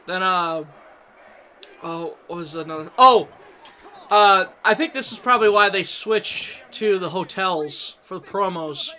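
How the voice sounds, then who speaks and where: A man with a high, bright voice tells rambling, crude stories while playing a game with friends. He talks casually, stumbling and restarting, and laughs at his own punchlines. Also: a little slow. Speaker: gaming streamer. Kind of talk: casual gaming banter and storytelling.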